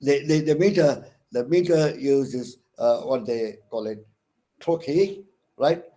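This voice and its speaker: Slow, mellow Indian English lecturer. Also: male voice, medium pitch. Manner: hesitant, many fillers and restarts, stresses syllables when reading examples. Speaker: counsellor teaching English literature. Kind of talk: online lecture on poetic meter.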